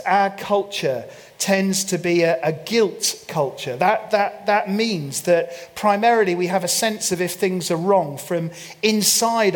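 A man preaching a sermon, telling a story with playful humor and mock French asides. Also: sits high. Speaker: pastor. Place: church.

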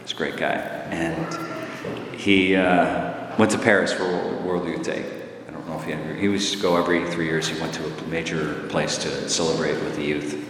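A man's voice: extremely low pitch, fairly even intonation, normal speed, fairly bright tone. A man preaching a sermon in a large church, his voice swelling into emphatic runs and dropping back with filler uhs. The room is echoey with a long reverb tail. A faint hum of ambience sits underneath. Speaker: priest.

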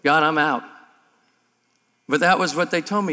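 A man preaching a sermon to a room of men, emphatic and humorous, and his voice climbs higher and louder as he builds. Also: fairly quick, long pauses. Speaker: pastor. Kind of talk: sermon at a men's breakfast. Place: large room before an audience. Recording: live hall with long reverb.

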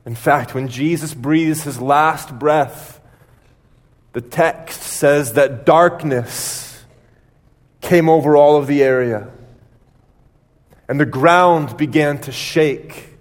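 A male pastor preaching a sermon, retelling a story dramatically with pauses. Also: on the high side, long reverb tail.

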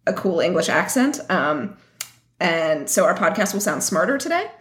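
A woman's voice: lowish voice, sing-song, normal speed, fairly bright tone. A woman co-hosting a podcast, blunt and joking as she teases the guests. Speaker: podcast co-host. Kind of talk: casual podcast chat. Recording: echoey room.

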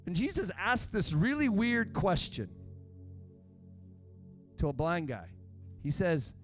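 A man's voice: on the high side, lively intonation, unhurried, long pauses, faint music behind. A man preaching a sermon in a church, telling stories and acting out the quotes of the people in them. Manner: preaching with rising intensity, acts out quotes. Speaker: pastor.

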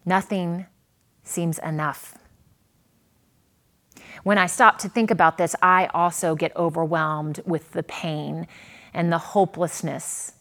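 Slow, earnest woman preaching a sermon. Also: lowish voice, fairly even intonation, fairly bright tone. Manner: earnest, dramatic pauses, rises and falls in volume.

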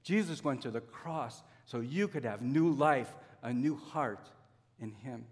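A man preaching a sermon as pastor, earnest, slowing down to stress key words and using everyday examples. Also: medium pitch, lively intonation, long reverb tail. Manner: earnest, with slow drawn-out emphasis and homely examples.

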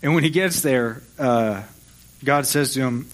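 A man preaching as a pastor, retelling an old story with storytelling flair. He speaks at a middle pitch and slips briefly into the voices of the people he describes. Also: normal speed, fairly bright tone. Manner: storytelling, acts out voices of biblical figures. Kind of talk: sermon.

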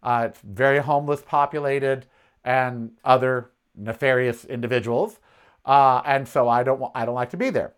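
A podcast host telling a personal story in a casual monologue, blunt and profane, with an animated, indignant delivery. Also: medium pitch, normal speed, smooth. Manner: animated retelling, acts out its own shouts.

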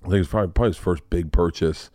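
A man's voice: low voice, rapid-fire, mellow, dry recording, clean studio sound. A man hosting a podcast, telling rambling, profane stories in casual chat. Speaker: podcast host.

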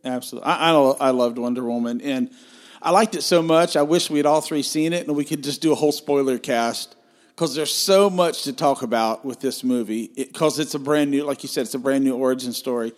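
A man's voice: medium pitch, fairly quick. A man co-hosting a film review podcast, talking casually and enthusiastically, often stumbling and restarting his sentences.

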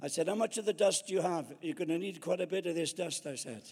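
A man's voice: fairly high pitch, fast talker, slightly rough. A man in his seventies, a guest preacher telling comic stories with self-mocking jokes. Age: 70s. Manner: jokey, self-mocking, lively anecdotes. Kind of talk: sermon with comic storytelling. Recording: long hall reverb.

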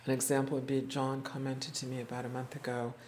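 A teacher speaking to a small class, retelling stories in a reflective, unhurried way, acting out the quoted voices and often restarting words. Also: mid-range voice, monotone, darkish tone, slight background noise. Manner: halting restarts and repeated words. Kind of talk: storytelling talk to a small group. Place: indoor room with a small group.

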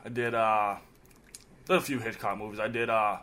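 A man's voice: lowish voice, level tone, sharp tone. Field: comedic impression. Figure: man doing a stammering old-time movie star. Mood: earnest. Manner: halting, repeats words, drawn-out.

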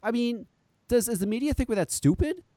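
Animated, swearing man hosting a podcast. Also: a little fast, dry recording. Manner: animated, swearing storyteller with lively pitch swings. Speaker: podcast host. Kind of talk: casual chat.

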